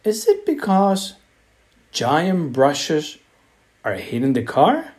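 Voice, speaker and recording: A man voicing a cheerful father gently coaxing his son in a storybook reading, asking playful questions. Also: fairly high pitch, huge pitch swings, slow pace, heavily acted.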